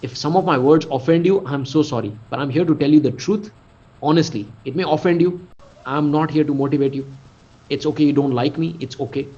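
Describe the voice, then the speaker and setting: An Indian man in his forties leads a motivational webinar in a slightly raised, husky voice. He is emphatic, draws out key words and keeps firing questions at his audience. The audio is dull and lo-fi, as from a computer mic on a video call. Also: a little high, a little fast, dark tone. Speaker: business coach.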